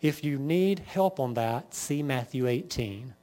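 A man preaching a sermon, firing off lists and rhetorical questions to his congregation. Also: medium pitch. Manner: lively preaching, lists sins in rapid bursts, rhetorical questions. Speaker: pastor.

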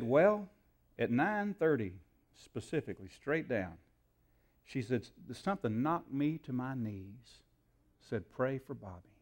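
A man's voice: mid-range voice, a little mellow. Folksy preacher man telling a story. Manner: folksy storyteller, acts out dialogue, frequent fillers. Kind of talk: sermon storytelling.

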